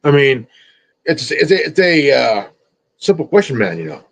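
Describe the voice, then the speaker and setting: A man's voice: mid-range voice, big pitch swings, normal speed, creaky, rough recording. A man streamer ranting at someone in a confrontational, profane, repetitive way. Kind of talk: confrontational rant.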